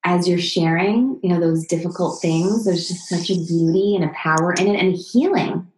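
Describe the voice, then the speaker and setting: A woman's voice: lowish voice, moderate pace, a little mellow. A woman hosting an interview, speaking in an earnest, affirming way. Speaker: host. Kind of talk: conversational interview. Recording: echoey room.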